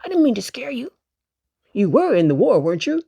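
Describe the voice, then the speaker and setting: A woman's voice: fairly high pitch, very animated, fairly quick, vocal fry, warm tone, husky, no room sound, heavily acted. A woman voicing a hearty old circus dog. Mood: friendly. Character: kind old male circus dog soldier, polite.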